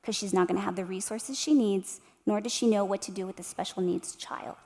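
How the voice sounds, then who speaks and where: Speaking at a fairly quick clip, this thirty-something woman has a steady, mid-range voice with a slightly mellow quality. She's giving an inspirational keynote in a big arts-center hall with long reverb, recounting stories energetically and tossing tag questions straight at the crowd.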